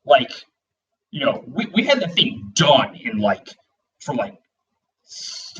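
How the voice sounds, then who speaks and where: Man, casual rambling chat, average pitch, set back from the mic. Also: big pitch swings, slow, a bit bright, recorded from a distance, low-quality recording. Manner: rambling, full of "like" and "you know", acts out bits. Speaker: podcast co-host.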